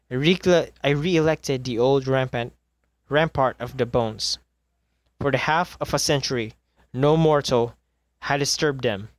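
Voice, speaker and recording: A man's voice: medium pitch, dry recording. Man reading a gothic tale aloud. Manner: measured, with occasional misreadings and self-corrections. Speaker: reader. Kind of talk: reading a classic short story aloud.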